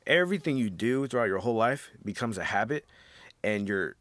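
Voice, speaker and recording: A man's voice: fairly low pitch, lively intonation, a little fast, fairly bright tone, no room sound. A man co-hosting a casual podcast, retelling scenes with lots of swearing and acted-out quotes. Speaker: podcast co-host. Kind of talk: casual chat.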